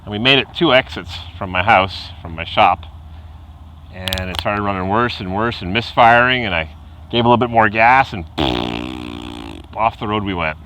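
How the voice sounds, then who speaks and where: A low-voiced man rambles through a car repair story outdoors at night, his pitch swinging widely as he chuckles and mimics the car's noises. His tone is bright and forceful. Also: lively intonation, normal speed, a little hiss or hum, rough recording. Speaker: car hobbyist vlogger. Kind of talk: casual storytelling vlog.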